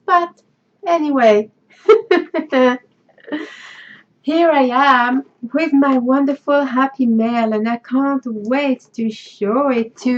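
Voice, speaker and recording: High-voiced, gushing woman vlogger. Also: dull audio. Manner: gushing, emotional, laughs often. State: tearful, choked up. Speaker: crafting channel host. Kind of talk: casual unboxing vlog.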